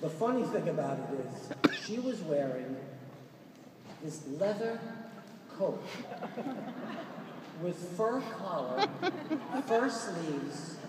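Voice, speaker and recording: Speaking with a Brooklyn New York accent, this Brooklyn-born Franciscan friar jokes his way through a conference talk in a large church or hall, laughing at his own lines. His voice is fairly high with big pitch swings, slow and full of pauses, and the echoey recording is noisy and distant.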